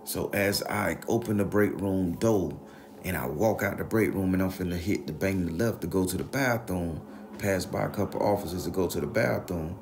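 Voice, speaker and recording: A man with a low, gravelly voice recounting a story in a loose, slangy way. He swears freely and keeps the telling animated. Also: moderate pace, background noise. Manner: profane, animated, slangy retelling. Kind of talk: casual spoken storytelling.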